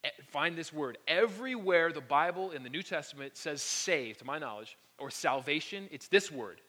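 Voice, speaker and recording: Male pastor, bright forceful tone, dramatic storyteller who sinks to whispers, long hall echo. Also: a little high, normal speed. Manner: animated storytelling that drops to soft whispers. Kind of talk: sermon.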